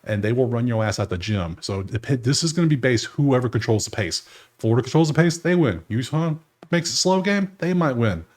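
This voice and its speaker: A man's voice: medium pitch, brisk. A man hosting his sports betting channel, casually thinking aloud through his bracket picks and talking straight to the teams. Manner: animated, thinks aloud, talks to teams directly. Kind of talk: casual bracket breakdown monologue.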